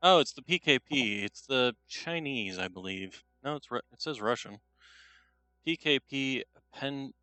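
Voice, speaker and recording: A man's voice: mid-range voice, animated, slow pace, long pauses, pushed and bright, no echo, faint music behind. A man streaming a shooter game, chatting casually and talking to his cat between game remarks. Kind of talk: casual gameplay commentary.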